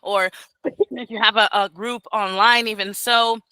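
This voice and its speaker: A woman mentoring beginner English teachers on a video call, animated and laughing often as she talks casually. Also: fairly high pitch, measured pace, clean tone, dry recording, poor audio.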